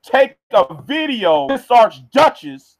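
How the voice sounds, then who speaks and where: A man's voice: very high-pitched, sing-song, slow pace, no room sound. A man ranting on a livestream, heated and stammering, repeating words as he goes. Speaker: vlogger.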